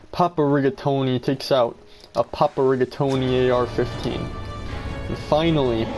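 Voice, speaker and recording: A man telling a comic story about his role-play game in a deadpan, mock-dramatic way. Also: mid-range voice.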